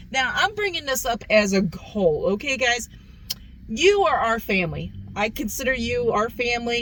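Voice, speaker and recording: A woman's voice: mid-range voice, a bit bright, slight background noise, rough recording. A woman hosting a casual food review vlog, chatty, repeating herself and calling her viewers "guys". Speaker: food review channel host.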